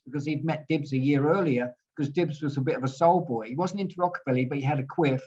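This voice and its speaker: A man's voice: mid-range voice, fast, few pauses, darkish tone, slightly rough. A man in his sixties telling rambling stories as an interview guest, often repeating words as he goes. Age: 60s. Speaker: guest musician. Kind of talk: storytelling interview. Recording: dull lo-fi audio.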